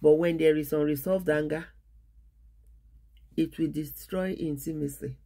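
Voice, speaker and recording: A woman pastor giving an earnest sermon on marriage, speaking in short, measured phrases and repeating key words for emphasis. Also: sits low, steady tone, warm tone. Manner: earnest, repetitive preaching cadence with measured pauses.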